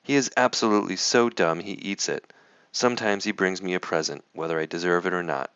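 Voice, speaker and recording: A man with a very low, smooth voice reads a children's picture book aloud with lively expression. The sound is dry and close. The recording is a little muffled. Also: brisk, no room sound. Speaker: storybook reader.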